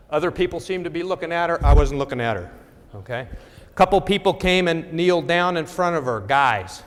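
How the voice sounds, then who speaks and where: A man's voice: a little high, fairly bright tone. Middle-aged man telling a wry story in a hall. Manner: wry, conversational, checks in with "okay?". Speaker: presenter at a training talk. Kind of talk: anecdotal storytelling talk.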